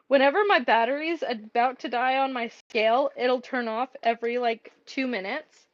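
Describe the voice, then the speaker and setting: A woman's voice: a little high, normal speed, hardly any pauses, muffled recording. A woman chatting casually on a live stream while packing craft orders, rambling with lots of fillers. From Mexico. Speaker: craft shop owner streaming.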